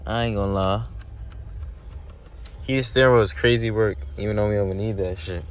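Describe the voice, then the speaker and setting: Speaking at a moderate pace in a lowish voice, this young man drives while giving slangy, casual commentary straight to his viewers. The car vlogger is filmed on a mounted camera in the moving car, faint road noise audible, and grows loud and excited whenever he accelerates.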